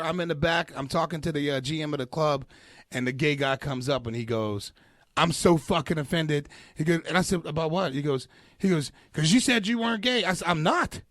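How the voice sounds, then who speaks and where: A man's voice: on the high side, dry recording. A male comedian telling profane stories on a podcast and laughing often. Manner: profane, animated storyteller who laughs often. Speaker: comedian guest. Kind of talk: casual podcast storytelling. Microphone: close podcast mic.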